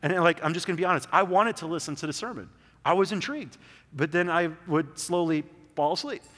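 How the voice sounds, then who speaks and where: A man's voice: a little high, lively intonation, fast talker, a bit bright. A young adult man preaching a sermon in a church sanctuary, telling a story in a loose, conversational way with lots of "like"s. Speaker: pastor. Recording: church hall reverb.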